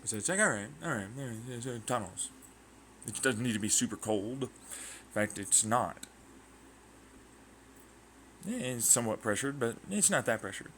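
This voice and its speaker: A man's voice: medium pitch, lively intonation, normal speed, long pauses, fairly bright tone. Rambling American man with faint noise behind. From Arizona, United States. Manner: rambling, full of fillers, jumps between ideas. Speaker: vlogger. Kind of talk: rambling casual monologue.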